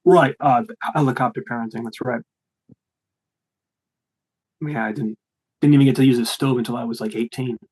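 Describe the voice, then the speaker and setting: Young guy, interview guest, rambling and animated, mid-pitched. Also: moderate pace, long pauses, low-quality recording. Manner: rambling, animated, frequent restarts. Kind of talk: casual interview chat.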